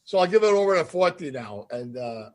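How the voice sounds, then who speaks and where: A man hosting a casual podcast, bantering in a lively, quick way. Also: on the high side. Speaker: podcast host.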